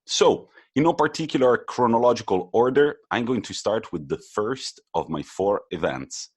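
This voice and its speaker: A man's voice: fairly low pitch, animated, moderate pace, a little mellow, slightly rough. A man with an Italian accent co-hosting a casual football podcast, teasing his co-host as he runs a quiz. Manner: playful, quizmaster teasing.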